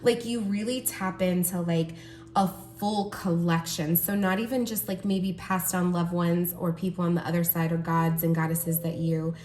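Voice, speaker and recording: Gushing, excitable woman tarot reader. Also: fairly low pitch, moderate pace, roomy sound, a little hiss or hum. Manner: excitable and gushing, lots of "like" and gasps. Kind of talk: pick-a-card tarot reading.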